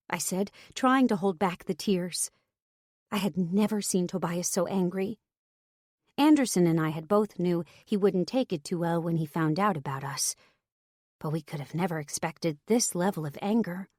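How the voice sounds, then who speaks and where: A woman narrating a romance audiobook in first person, with a measured, expressive reading. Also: fairly low pitch, no room sound, clean studio sound.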